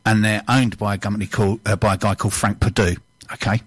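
Brief: older English host, low voice, dry close sound, rambling anecdotes. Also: male voice, steady tone, quick pace, slightly rough, no echo. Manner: rambling storyteller with repeated restarts. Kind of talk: casual chat.

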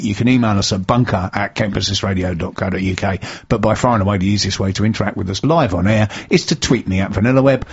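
A man's voice: lowish voice, slightly rough, muffled recording. A man hosting a local business radio show, joking casually and stumbling over his words. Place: radio studio.

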